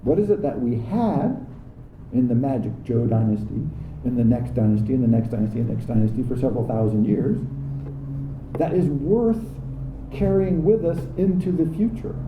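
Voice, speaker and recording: A man's voice: mid-range voice, reverberant, phone-quality sound. A man giving a casual philosophy lecture at a cidery, wry and sarcastic, with many restarts, heavily compressed recording with rain noise. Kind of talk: conversational public lecture. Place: cidery during heavy rain.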